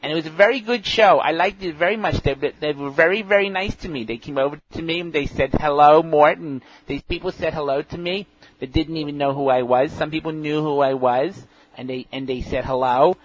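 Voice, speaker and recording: A man's voice: a little high, a little fast, lightly acted. A man voicing an odd, rambling pinball fan who talks in a childlike, repetitive, self-important way. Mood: rambling earnest. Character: odd, rambling middle-aged male pinball know-it-all. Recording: dull lo-fi podcast audio, faint hiss.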